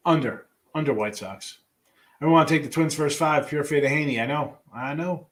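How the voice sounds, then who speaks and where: The voice is fairly high and moves a little fast. It belongs to a man hosting a sports betting show who rattles off daily picks in a relaxed, offhand style, full of wry comments and trailing restarts, while he reads a live chat.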